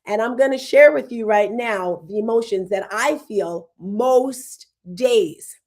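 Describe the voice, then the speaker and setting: A woman's voice: a little high, moderate pace, darkish tone. A middle-aged woman hosting a live online talk show, chatting in a conversational way and speaking straight to her audience and the chat. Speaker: host.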